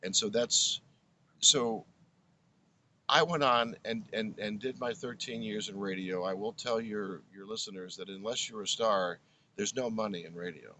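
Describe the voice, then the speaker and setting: A man's voice: fairly low pitch, moderate pace, bright, forceful tone, slight background noise. A man in his seventies, originally from Brooklyn, telling his story as an interview guest in an earnest, reflective way. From Brooklyn, New York. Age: 70s. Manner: earnest, reflective, restarts phrases often. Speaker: guest, former radio broadcaster.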